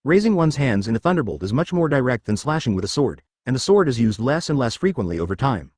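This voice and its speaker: Male narrator for a fantasy web novel audiobook; rapid, lively read, dead-dry recording. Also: medium pitch, dry recording.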